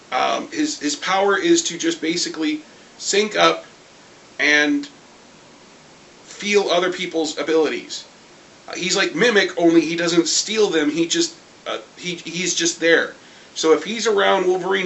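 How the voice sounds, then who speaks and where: A man ranting as a comic book fan vlogger in an angry review, excitable and swearing often. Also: sits high, low-quality recording.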